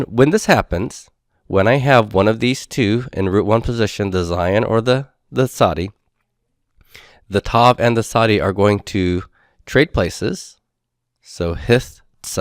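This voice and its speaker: In a recorded lecture, a low-voiced Biblical Hebrew instructor patiently walks through grammar step by step, sounding words out slowly, repeating them, and often checking in with "okay". The studio-quality recording has no room sound.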